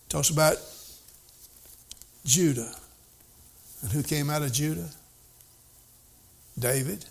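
A man preaching a sermon, reading scripture aloud in old wording and explaining it plainly, his voice rising to emphatic and dropping to hushed. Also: fairly high pitch, slow pace, gravelly, pauses often, slightly rough. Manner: voice rises and falls widely, at times emphatic, at times hushed.

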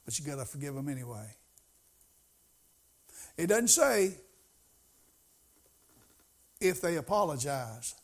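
A man's voice: a little high, big pitch swings, takes it slowly, long pauses. A middle-aged man preaching a sermon as pastor, in a folksy, conversational way that rises to emphasis.

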